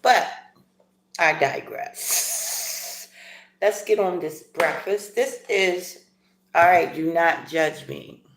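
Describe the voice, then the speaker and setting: A middle-aged woman with a fairly low voice chats casually on a livestream, rambling and playful, sometimes jumping up into animated asides. The sound is echoey, as if in a bare room. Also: slow pace, creaky. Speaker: livestream host. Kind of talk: casual live chat while eating breakfast.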